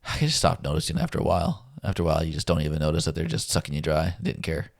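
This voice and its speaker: A man with a very low voice tells a story in a relaxed, easygoing way. He laughs often and acts out what people said to him. The sound is close and dry. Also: racing, gravelly, dry recording. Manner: laid-back, laughs often, acts out quotes. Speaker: guest telling a survival story. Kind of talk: casual storytelling.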